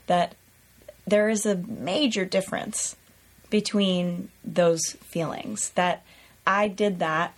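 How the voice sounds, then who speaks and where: A woman co-hosting a podcast who speaks slowly and deliberately. Her tone is reflective and thoughtful as she responds in conversation. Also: lowish voice. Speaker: podcast co-host. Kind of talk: casual chat.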